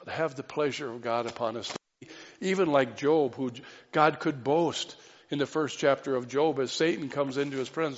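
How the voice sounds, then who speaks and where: A man's voice: mid-range voice, moderate pace, slight background noise. Man, pastor, sermon, repeats phrases for emphasis, long hall reverb. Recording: dull reverberant hall recording.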